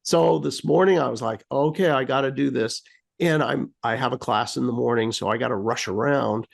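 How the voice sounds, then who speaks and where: An American man co-hosting a casual conversation tells an animated story, imitating beeps and performing his own frustration. His voice is mid-range and creaky, and he speaks briskly.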